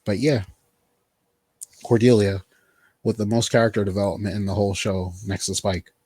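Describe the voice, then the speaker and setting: Podcast host, male, low husky voice, rambling and filler-heavy, dry close mic. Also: fairly even intonation, moderate pace, dark tone, dry recording. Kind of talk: casual chat recapping a TV show.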